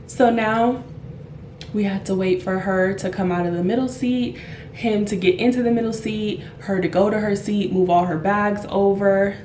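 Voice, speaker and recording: Animated flight attendant woman telling a story. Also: medium pitch, moderate pace. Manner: animated, acts out the people in her story. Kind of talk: casual storytime vlog. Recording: echoey room with faint noise.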